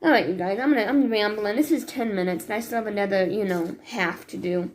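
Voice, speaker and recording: A woman's voice: mid-range voice, fast talker, a little mellow, slight background noise. A woman talking to her viewers in a rambling, self-critical confessional vlog, full of restarts and sighs. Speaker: vlogger.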